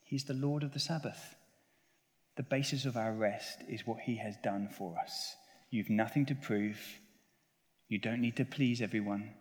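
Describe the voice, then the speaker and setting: A man's voice: mid-range voice, a little slow. A man preaching a sermon as pastor, reading scripture earnestly and praying with his listeners. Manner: earnest preaching, swelling on scripture and dropping soft at the close. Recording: long church reverb.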